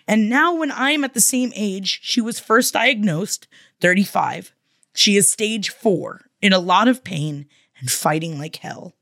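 A woman's voice: medium pitch, fairly bright tone, dry recording, studio quality. A woman podcast host reading listener messages aloud, emotional and affectionate, swearing freely. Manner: effusive and affectionate.

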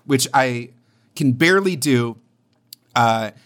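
A young adult man co-hosting a casual podcast, telling stories in an animated, rambling way. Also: medium pitch, slow. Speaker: podcast co-host.

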